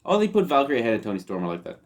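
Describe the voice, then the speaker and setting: A man's voice: medium pitch, huge pitch swings, rapid-fire, very noisy. A man co-hosting a podcast in casual chat, blunt and teasing, swearing freely. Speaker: podcast co-host.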